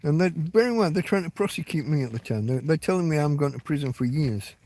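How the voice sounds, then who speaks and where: Slightly high and a little mellow, this man's voice moves quickly and with animation. He's an English vlogger in middle age, close to tears as he rambles through a personal story on camera, cursing a lot and starting sentences over.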